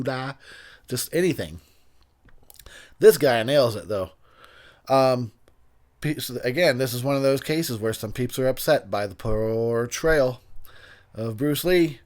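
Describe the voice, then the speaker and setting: A man's voice: medium pitch, a little mellow. A man giving casual movie commentary while intoxicated, rambling and profane, laughing often and losing track of names mid-sentence. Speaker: film commentator.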